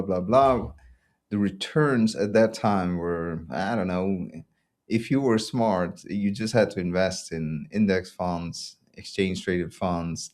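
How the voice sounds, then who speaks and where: A man's voice: deep voice, darkish tone. A man from Belgium hosting a casual opinion show, ranting sarcastically and laughing often. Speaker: podcast host.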